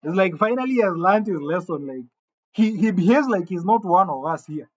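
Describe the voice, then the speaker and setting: A man telling a comic gossip story in an animated way, stammering over restarts and jumping suddenly into quoted voices. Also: sits high, fairly quick. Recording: dull lo-fi sound.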